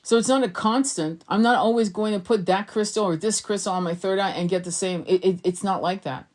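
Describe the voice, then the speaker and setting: A woman giving a casual spiritual teaching straight into her phone or webcam. She talks earnestly and loosely, restarting sentences and doubling up words as her thoughts run on, in a voice of ordinary middle pitch. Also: a little fast, darkish tone. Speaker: tarot reader and spiritual coach.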